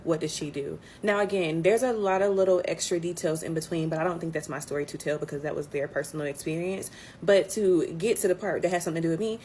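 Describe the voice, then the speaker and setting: Woman, fairly low voice, casual storytime, blunt, swears, voice climbs for emphasis. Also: darkish tone, slight background noise. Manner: candid, swearing, rising when emphatic. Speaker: storyteller recounting a breakup.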